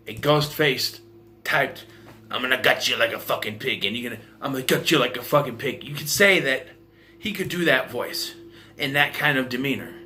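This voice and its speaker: A man's voice: fairly high pitch, bright, forceful tone. A man giving a casual spoken film review, rambling and repeating himself.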